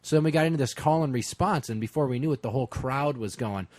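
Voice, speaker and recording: A man's voice: mid-range voice, fast talker, darkish tone, no room sound. Profane rambling male comedy host. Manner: profane, rambling anecdotes with fillers. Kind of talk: crude comedic storytelling.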